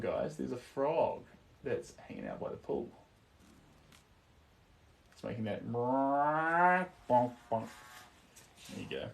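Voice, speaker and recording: Gravelly New Zealand man, distant mic. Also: medium pitch, a little mellow, a little hiss or hum. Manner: murmurs instructions to himself while painting, then reads viewer comments. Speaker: artist painting live. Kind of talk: casual live-stream painting chat.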